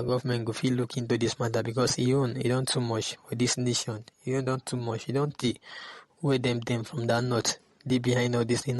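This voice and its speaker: A man's voice: mid-range voice, dry recording. A man with a Nigerian Pidgin English accent giving casual commentary, hesitant with many fillers.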